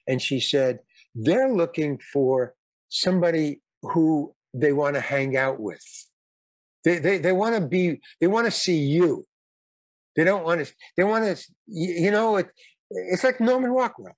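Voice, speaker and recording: A man's voice: on the high side, expressive, a little slow, no echo. A man in his eighties, a guest actor and comedian, telling casual anecdotes in a rambling way, with repeated words, restarts and some blunt swearing.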